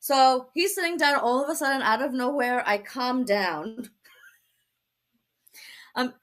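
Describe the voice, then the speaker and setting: A young woman from Brooklyn, telling her conversion story as a guest, animated and laughing often. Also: high-pitched, a little slow. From Brooklyn, New York. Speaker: guest sharing testimony. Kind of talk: personal testimony in a talk show.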